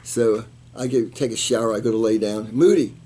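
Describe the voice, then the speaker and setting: A man in his seventies, a retired Army colonel, telling animated stories in an interview and acting out the quotes. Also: fairly low pitch, a little fast, slight background noise. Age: 70s. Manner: animated anecdote teller, acts out quotes, laughs. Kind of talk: storytelling in an interview.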